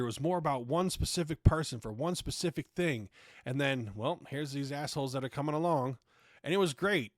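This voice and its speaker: Man, podcast host, sarcastic casual rant, mid-pitched voice, dry close sound. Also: dry recording. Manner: animated, sarcastic, swears casually, many restarts. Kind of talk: casual ranting monologue.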